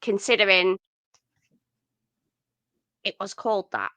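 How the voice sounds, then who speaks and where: A woman's voice: mid-range voice, big pitch swings, takes it slowly, sharp tone, no room sound. A woman co-hosting a podcast, chatting casually about a film with lots of fillers. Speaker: podcast co-host.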